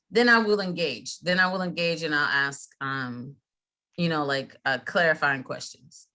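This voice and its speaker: Brief: middle-aged woman trainer, bright tone, lowish voice, chatty with restarts, video call. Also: moderate pace. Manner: chatty, frequent fillers and restarts. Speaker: mediation trainer. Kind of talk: casual training talk.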